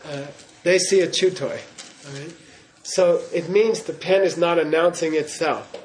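A man's voice: on the high side, fairly even intonation, a little slow, darkish tone, slight background noise. A man giving a Buddhist teaching in class, in a playful way, often checking in with his listeners. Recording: roomy hall echo.

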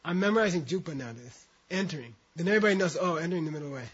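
A man lecturing a classroom, leading his students through a reading one syllable at a time and stopping to explain what the words mean. His voice sits a little high for a man. The recording is muffled and lo-fi. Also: lively intonation, racing, fairly bright tone. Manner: patient, breaks words into syllables for students to repeat. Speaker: teacher. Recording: dull lo-fi recording.

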